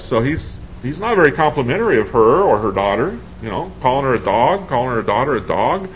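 A man's voice: medium pitch, big pitch swings, fairly quick, few pauses, slight background noise, rough recording. A man preaching a sermon in a conversational way, asking his congregation questions and thinking aloud as he reads scripture.

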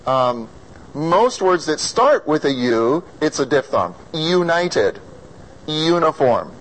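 A man's voice: a little high, very animated, slow, low-quality recording. A man with an American accent teaching a class about vowel sounds, patiently sounding out vowels and asking his students questions. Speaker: singing or diction teacher.

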